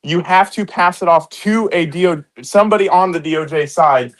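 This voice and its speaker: Guy arguing politics hard, cussing, cuts people off, voice sits a bit high. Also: moderate pace, poor audio. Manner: combative, swears a lot, talks over others. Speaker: podcast co-host. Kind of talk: heated political debate.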